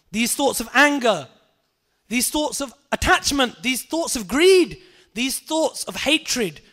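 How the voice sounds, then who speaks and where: Very high-voiced preacher. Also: male voice. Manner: animated, repetitive, acts out voices. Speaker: Sikh preacher. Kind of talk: storytelling sermon.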